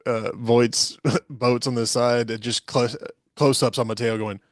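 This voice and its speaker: A man's voice: medium pitch, fairly even intonation, unhurried, dry recording. Male podcast co-host, loose and jokey, laughs a lot, mid-range voice, dry close sound. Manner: loose, joking, laughs often. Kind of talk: casual chat.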